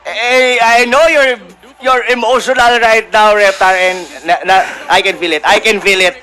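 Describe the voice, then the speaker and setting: Bright high Filipino co-caster. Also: male voice, fairly even intonation, moderate pace. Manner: exclaiming, emotional. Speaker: esports caster. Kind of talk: excited color commentary.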